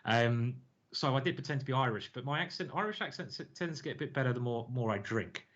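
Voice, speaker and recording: A man's voice: mid-range voice, expressive, fast, fairly bright tone. An English man hosting casual live chess commentary, talking in a chatty, joking way and laughing often. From England. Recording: dull lo-fi stream audio.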